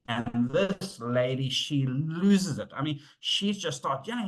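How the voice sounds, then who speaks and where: A middle-aged man presenting a webinar on safety, telling stories in an animated way, acting out the dialogue and using frequent fillers. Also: on the high side, a little slow, hardly any pauses. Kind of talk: storytelling talk.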